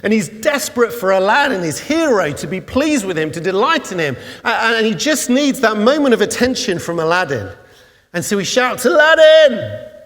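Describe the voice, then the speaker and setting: A man preaching a sermon in a church, telling stories in an animated way that rises to excited peaks. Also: on the high side, long reverb tail. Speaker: pastor.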